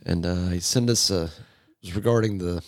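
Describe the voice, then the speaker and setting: A man co-hosting a podcast, reading listener email haltingly and trading crude wisecracks. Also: low-pitched, no echo. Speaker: podcast co-host. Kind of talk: casual chat.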